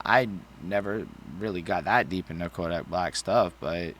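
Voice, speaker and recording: A man with a fairly low voice, chatting casually on a podcast about an album. He talks bluntly and swears freely, and his thoughts ramble on. A faint hiss of noise sits under the recording. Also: moderate pace, fairly bright tone. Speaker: podcast co-host. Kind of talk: casual album review chat.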